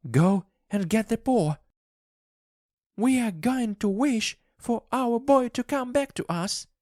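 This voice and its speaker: A man voicing a grieving older woman who is desperate and frantic, with shrill, pleading cries. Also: slow pace, darkish tone, dry recording, clean studio sound.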